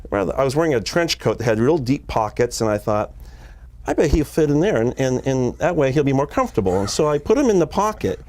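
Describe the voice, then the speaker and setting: A man's voice: mid-range voice, big pitch swings, quick pace, a little mellow. A man, a magician guest on a TV talk show, telling a rambling anecdote and laughing often. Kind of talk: casual anecdote. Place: TV studio.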